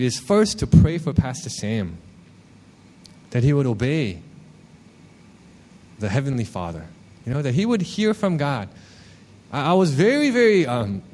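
A man preaching in a loose, conversational way, his somewhat high voice swinging widely as he tells a personal story. He speaks with an animated, storytelling manner, full of asides to the congregation. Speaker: worship leader preaching. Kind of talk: sermon.

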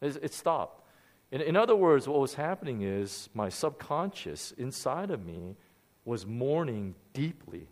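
A man's voice: mid-range voice, a little slow. Middle-aged guy pastor preaching, telling his own story, voice swings up and down a lot. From Korea. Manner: candid storytelling with lively swings. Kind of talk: sermon.

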